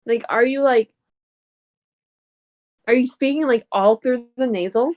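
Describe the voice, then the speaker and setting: A woman's voice: on the high side, measured pace, a little mellow. Self-mocking woman chatting over a game. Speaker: co-streamer. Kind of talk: casual chat while playing a game.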